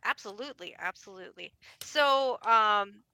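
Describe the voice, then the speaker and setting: A woman guest answering interview questions in a relaxed, wry, humorous way. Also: mid-range voice, normal speed, no echo. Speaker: bookstore owner, guest.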